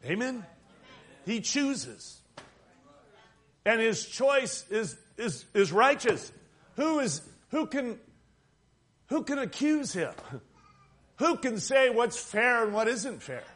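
A man's voice: very high voice, big pitch swings, takes it slowly, long pauses, a bit bright. A man preaching a sermon, with an emphatic delivery that swells and drops as he makes his points. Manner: emphatic, rising and falling preaching cadence.

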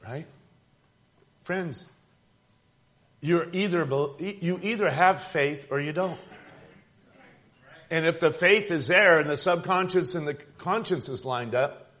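Male preacher, slightly high-pitched, talks to the congregation plainly and punches key lines hard. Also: slow pace, pauses often, a bit bright. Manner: emphatic, conversational preaching with rising and falling intensity. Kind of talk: sermon.

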